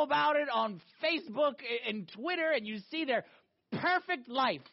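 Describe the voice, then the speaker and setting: High-voiced male preacher, emphatic. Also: lively intonation, normal speed, gravelly, dull audio. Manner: emphatic and conversational, repeating key questions. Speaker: pastor. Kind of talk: sermon.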